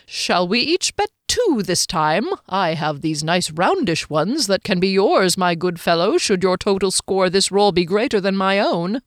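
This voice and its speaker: A woman's voice: medium pitch, expressive, measured pace, hardly any pauses, no echo, clean studio sound, natural voice. A woman voicing a small male halfling gambler who speaks in formal, elaborate, courtly phrases. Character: fussy, flowery-spoken male halfling gambler.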